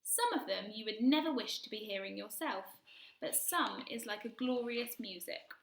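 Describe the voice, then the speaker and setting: A woman's voice: fairly high pitch, animated, normal speed, vocal fry, roomy sound, slight background noise. A woman voicing a kindly male giant who mangles his grammar and invents words, reading a storybook aloud. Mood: solemn. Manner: jumbled grammar, twisty made-up words. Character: kindly big-eared male giant, gentle, earnest.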